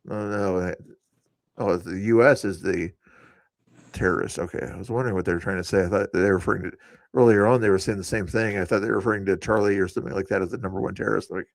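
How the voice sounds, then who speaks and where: Deep and gravelly, this stream host talks quickly with fairly even intonation on a dry recording. He's chatting about politics in a relaxed, conversational way, laughing and reacting to clips he's rewatching.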